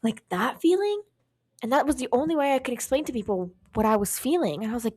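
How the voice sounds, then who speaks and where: Fairly high-pitched and quick, a young woman co-hosting a podcast rattles through a story in casual chat. She's animated and foul-mouthed, voicing each person's quoted words herself.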